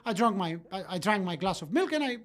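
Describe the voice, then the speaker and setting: A voice-over interpreter rendering a parenting lecture live, halting and often correcting itself with fillers. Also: mid-range voice, sing-song.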